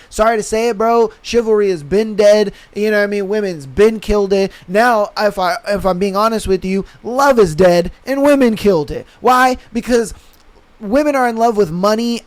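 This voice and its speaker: A young man hosting a podcast, ranting bluntly in casual slang and profanity, often acting out what others say. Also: sits high. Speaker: podcast host. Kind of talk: casual opinion rant.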